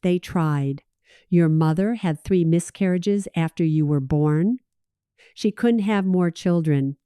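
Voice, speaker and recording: A woman voicing a remorseful older aunt who speaks gently and apologetically. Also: lowish voice, takes it slowly, clear, resonant tone, no echo, studio quality. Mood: somber. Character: remorseful older aunt confiding family secrets.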